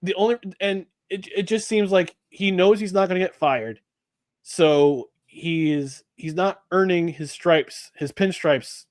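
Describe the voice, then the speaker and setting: A man co-hosting a sports podcast, talking in an animated, exasperated way with many restarts. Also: high voice, a little slow, no room sound, clean studio sound. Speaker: podcast co-host. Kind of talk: casual sports talk.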